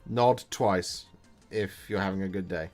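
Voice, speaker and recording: A man's voice: sits low, a little slow, darkish tone, faint music behind. A man chatting on a live painting stream from home, groggy after anaesthetic, joking with viewers as he works. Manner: jokey, chatty, talks to viewers while working.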